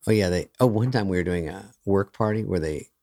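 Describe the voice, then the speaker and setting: A man's voice: low-pitched, fairly quick, warm tone. A man telling stories as a guest comedian in a casual podcast chat, acting out other people's lines in changed voices.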